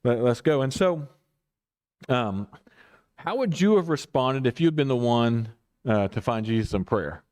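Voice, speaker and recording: A man's voice: mid-range voice, lively intonation, unhurried, long pauses, a little mellow. A man leading a casual Bible study as pastor, rambling and correcting himself with chuckling asides.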